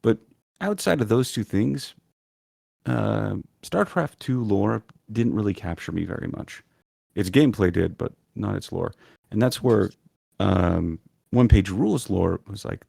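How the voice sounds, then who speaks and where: Deep gravelly man, very dry sound. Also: unhurried, dark tone, no echo. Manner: thoughtful, hesitant with frequent ums. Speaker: podcast guest, lore video creator. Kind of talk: casual interview chat.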